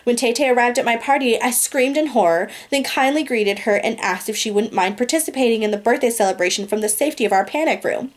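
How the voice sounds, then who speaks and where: A young woman with a slightly high voice reads a comic novel aloud in a casual, amused way. She giggles often and drawls the swearing. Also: fast talker, few pauses. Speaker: audiobook reader.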